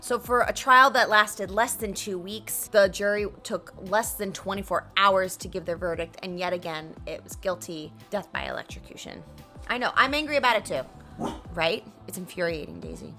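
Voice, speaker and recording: A woman's voice: medium pitch, animated, normal speed, pushed and bright, soft background music. A woman hosting a casual, chatty history retelling, swearing freely and acting out each character's lines. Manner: chatty and profane, acts out every character's lines. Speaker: storytelling video host.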